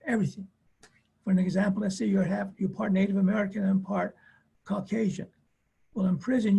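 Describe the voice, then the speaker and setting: A man with a heavily gravelly, husky voice and a fairly high pitch gives a teaching talk as a family therapist. He speaks earnestly, repeats his points for emphasis, and tells stories from his practice. His tone is dark and mellow. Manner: earnest, repetitive, acts out quoted voices. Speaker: family therapist and webinar presenter.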